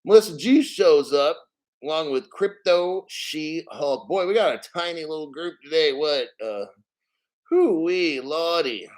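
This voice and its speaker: A man with a slightly high voice hosts a casual crypto livestream. He rambles loosely between topics, swears freely and calls out viewers from the chat as they arrive. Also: animated, normal speed, darkish tone. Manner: rambling, profane, reads chat names aloud. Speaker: crypto channel host.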